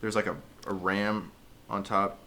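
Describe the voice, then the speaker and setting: A man's voice: lowish voice, level tone, unhurried, a crowd in the background. A young man co-hosting a casual podcast, laid-back and teasing, with lots of slang. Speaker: podcast co-host. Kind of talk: casual chat.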